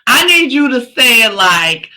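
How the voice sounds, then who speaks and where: A woman's voice: fairly high pitch, sing-song, unhurried, bright, forceful tone, poor audio. A woman podcast host closing her show with a fired-up motivational speech. She repeats each point over and over, preaches encouragement, and keeps the talk casual and slangy. Now and then she drops a curse word. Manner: emphatic, repetitive, preachy encouragement; casual, slangy, occasionally profane.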